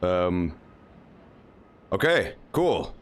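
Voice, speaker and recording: A man's voice: deep voice, big pitch swings, drawn-out words, smooth. A man streaming a game, giving casual, joking and profane commentary. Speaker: gameplay streamer. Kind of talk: casual live gameplay commentary.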